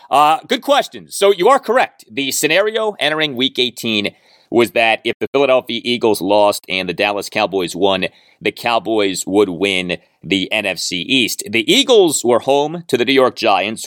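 A man in his forties hosting a sports podcast, reading listener emails and answering with brisk, dry humor. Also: medium pitch, fairly bright tone, no room sound. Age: 40s. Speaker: podcast host. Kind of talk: sports talk podcast monologue.

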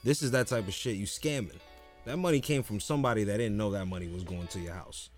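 A man co-hosting a casual chat, relaxed and profane, who laughs often while telling stories. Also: on the low side, fast, soft background music. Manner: laid-back storyteller, swears freely, laughs often.

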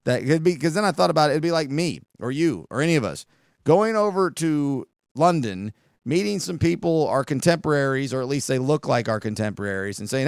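Gravelly man rambling on a podcast. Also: a little high, expressive, brisk, no echo, studio quality. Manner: rambling, conversational, frequent asides. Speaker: podcast host. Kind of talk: casual storytelling monologue.

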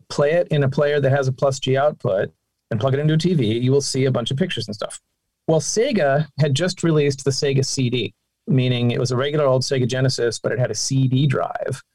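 A man telling his career story as an interview guest, animated and chatty, his voice jumping up when he quotes people. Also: no room sound. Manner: animated, with sudden pitch jumps. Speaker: guest, game sound designer and singer.

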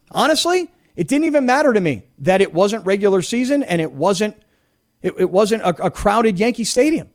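A man hosting sports talk radio, telling stories in an animated, chatty way. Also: high voice, moderate pace. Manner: animated, storytelling, mock voices.

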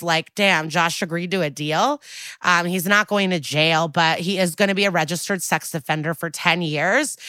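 A woman's voice: on the low side, pushed and bright, dry recording. A woman co-hosting a podcast, recapping an episode in a chatty, wry way and acting out the quoted lines. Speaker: podcast co-host.

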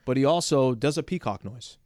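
A man hosting a sports radio show, steering the conversation in quick, casual banter. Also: medium pitch, expressive, darkish tone, no room sound.

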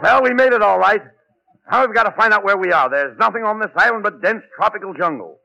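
A man playing the straight man in 1940s radio comedy, brisk, bossy and impatient. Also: high-pitched, expressive, gravelly, sharp tone, muffled recording. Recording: noisy old radio recording.

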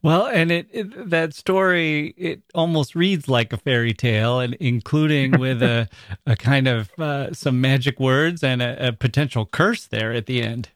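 A man hosting an interview podcast, giving measured, formal introductions. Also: medium pitch, no room sound, clean studio sound. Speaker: podcast host.

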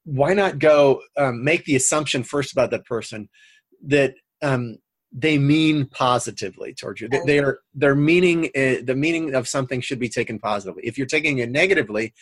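A middle-aged man speaks as a guest coach on a radio talk show, with a husky voice. He talks earnestly and rambles with lots of fillers. The recording is dry and close. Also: mid-range voice, brisk, dry recording. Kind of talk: casual interview chat.

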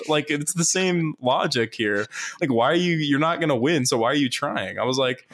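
A young man telling a long story in casual chat, full of "like" fillers, laughing often and jumping up in pitch to mimic people. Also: fairly quick. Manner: animated, mimics others in higher voice.

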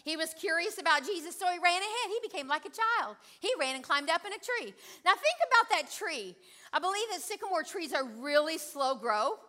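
Woman preacher, high and bright, playful call-and-response delivery. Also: expressive, a little fast. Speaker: pastor. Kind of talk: sermon.

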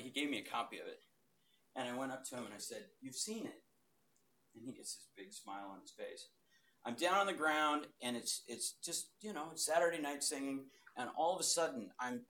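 A man in his fifties stands before a church audience and tells his testimony. His delivery swings from sudden loud bursts to quiet, hushed asides, and he keeps the story moving with lively energy. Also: medium pitch. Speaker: speaker giving a testimony. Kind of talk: testimony talk to a live audience.

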